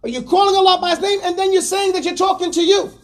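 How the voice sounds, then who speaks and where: A man teaching a class, animated and stop-start, having students repeat words after him. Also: extremely high pitch, quick pace. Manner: stammers and restarts often. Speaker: teacher of Quran exegesis class. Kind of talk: classroom lesson.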